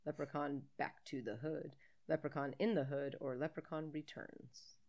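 A woman's voice: low-pitched, steady tone, normal speed, darkish tone, lo-fi sound. A woman co-hosting a casual podcast, reading a quiz aloud in a playful way, swearing freely and laughing often. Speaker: podcast co-host.

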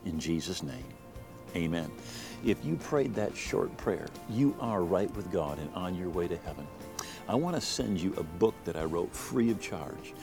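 A very deep, gravelly male pastor speaking calmly and directly to viewers. He leads a short prayer over soft music in the background. His tone is steady and unhurried. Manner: calm, direct address to the camera. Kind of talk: closing prayer invitation to viewers.

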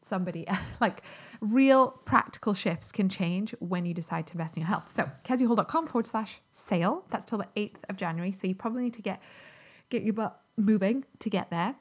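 A woman's voice: medium pitch, brisk. A chatty woman talks through her solo health podcast. She sounds upbeat and casual, with plenty of ums and likes. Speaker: podcast host and health coach.

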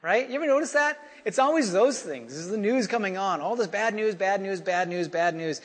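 Male preacher, high-pitched, talks to the congregation casually with repeated lines; church hall echo. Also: expressive, brisk. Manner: conversational preaching with repeated refrains; frequent "you know" and "right?" asides. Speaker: pastor. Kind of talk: sermon. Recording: long hall reverb.

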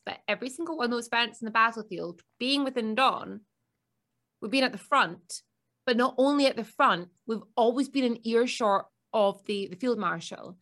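A woman co-hosting a casual podcast, explaining her view in a reflective, measured way. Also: fairly high pitch, fairly bright tone. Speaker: podcast co-host.

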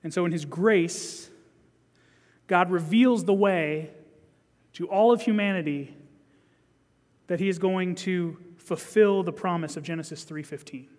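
A man preaching a sermon as pastor, swinging from loud emphasis to hushed scripture reading. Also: high voice, unhurried, long pauses, big-room sound.

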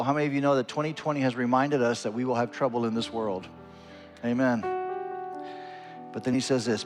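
A man's voice: steady tone, a little fast, pauses often, faint music behind. A male pastor preaching a sermon in an earnest way, voice rising and falling widely. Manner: earnest preaching with wide swings in pitch and loudness.

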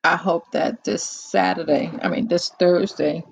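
A host of a live call-in talk show chatting casually into a close microphone, unhurried and musing, with many pauses and fillers. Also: mid-range voice, steady tone, creaky, breathy edge, no room sound.

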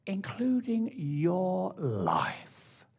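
A man preaching a sermon with passion, swinging from loud declarations to hushed, intimate asides. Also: high voice, wildly swooping pitch, very slow, gravelly, slightly rough, big-room sound.

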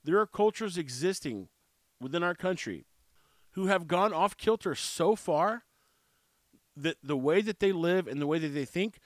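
A man who owns a barbecue restaurant and brewery speaks with stuffy sinuses in an expressive, high-sitting voice at a measured pace, recorded in clean studio sound with no echo. In a casual monologue, he tells stories and acts out both sides of conversations.

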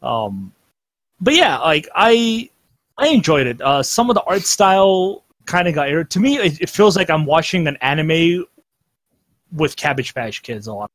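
A man's voice: a little high, big pitch swings, a little slow, fairly bright tone, dry recording. A man chatting casually on a podcast, rambling with lots of fillers and restarts. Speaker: podcast co-host. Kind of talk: casual chat.

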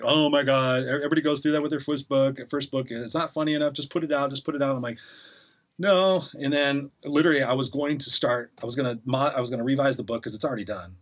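A man's voice: medium pitch, fairly bright tone. A man talking as a podcast guest, telling a long story in a blunt, sarcastic way with many restarts. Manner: fast, rambling storyteller with frequent restarts. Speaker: podcast guest, life coach. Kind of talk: casual conversation.

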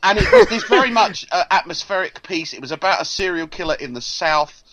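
A man in his thirties co-hosting a casual TV chat podcast, with dry, deadpan asides. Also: high voice, brisk. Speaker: podcast co-host.

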